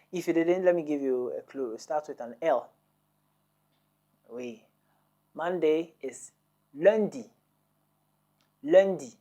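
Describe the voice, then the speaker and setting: A woman's voice: low voice, darkish tone. A woman hosting a French lesson, patiently quizzing listeners and repeating words for them to copy. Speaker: French teacher. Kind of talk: language lesson.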